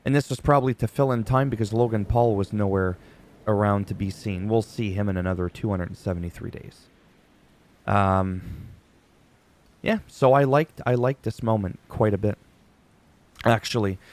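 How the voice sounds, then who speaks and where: A man giving a casual, chatty wrestling recap, animated and quick to act out quoted lines. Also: on the low side.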